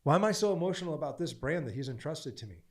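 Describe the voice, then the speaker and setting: A man speaking as a podcast guest in an animated, preachy way, stacking repeated phrases as he coaches. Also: on the high side, very fast.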